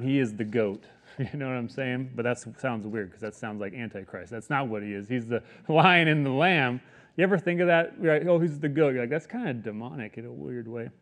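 A young adult man preaching a sermon as pastor, in a casual, conversational way with many asides. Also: on the high side.

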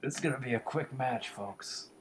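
A man's voice: mid-range voice, normal speed, a little hiss or hum. A man giving live commentary over his own shooter match, swearing often and swinging between muttered whispers and frustrated outbursts. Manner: calls himself the Warlock in the third person. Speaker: gameplay commentator.

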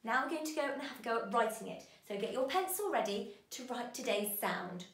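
A woman teaching a children's phonics lesson, giving bright, sing-song encouragement to young learners. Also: on the high side, expressive, fairly quick, reverberant.

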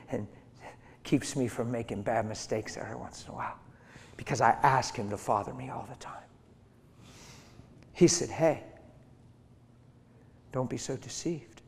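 A man's voice: mid-range voice, a little hiss or hum. A man preaching a sermon as a story, emphatic and conversational, acting out the voices of the people in it. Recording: hall reverb.

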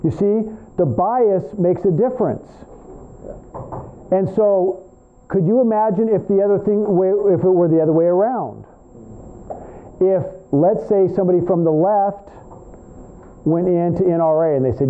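A male professor lecturing a class in an animated, rambling way, trading remarks with students, in a tinny, phone-like recording. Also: high-pitched, a little slow, pauses often. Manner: animated, rambling, talks back and forth with students.

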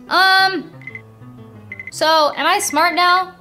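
A young woman playing a video game, excitedly commenting and reading the game's lines aloud to her viewers. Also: very high-pitched, measured pace. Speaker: gaming video host. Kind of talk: playful gameplay commentary. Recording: game music playing behind voice. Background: game music.

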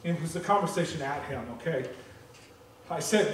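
High-voiced man preaching in an echoey church. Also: moderate pace, pauses often, distant mic. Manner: earnest, candid, repeats okay often. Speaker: pastor. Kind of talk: sermon with personal testimony. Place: church sanctuary.

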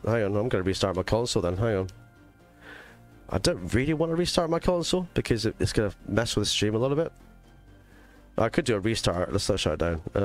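A man with a mixed English and Scottish accent streaming a racing game live, chatting casually to his viewers with lots of fillers. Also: fairly low pitch. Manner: chatty, rambling, talks to chat with fillers. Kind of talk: live gaming stream chat.

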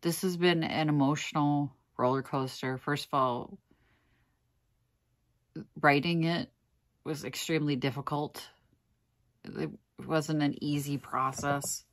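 A woman's voice: low voice, fairly even intonation, slow, long pauses. A woman vlogger talking earnestly and wearily to camera, exhausted and close to tears at times. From Minnesota, USA. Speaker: thrift reseller vlogger. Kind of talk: casual emotional talk to camera.

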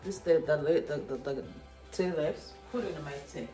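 A woman's voice: low-pitched, normal speed, mellow, faint music behind. A woman from Kenya, chatting casually in a rambling vlog from her home kitchen. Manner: chatty, rambling, repeats herself. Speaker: vlogger. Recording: echoey room.

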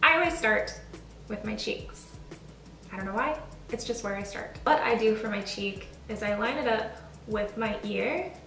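A woman's voice: medium pitch, animated, normal speed, fairly bright tone. A woman chatting casually through a makeup tutorial, friendly and self-deprecating. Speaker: beauty vlogger. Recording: roomy, distant mic, faint music.

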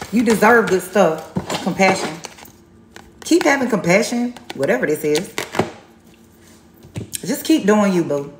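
A woman's voice: mid-range voice, reverberant, noisy background. A woman giving a live tarot reading, blunt and sassy, repeating herself for emphasis. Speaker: tarot reader on a livestream.

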